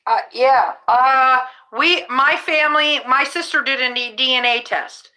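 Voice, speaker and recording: A middle-aged woman chatting on her podcast with a high, bright voice. She takes her time and wanders from thought to thought, starting sentences over before finishing them. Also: a little slow, poor audio. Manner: rambling, restarts mid-sentence, chatty. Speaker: rideshare driver and podcast host. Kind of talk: casual chat.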